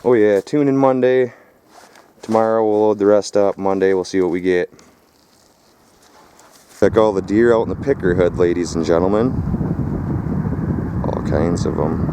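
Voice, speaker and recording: A man with a fairly low voice narrates a casual vlog outdoors at a rural spot. He talks straight to the camera in a rough, cussing way. A faint hiss of noise sits behind him. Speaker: scrap metal vlogger.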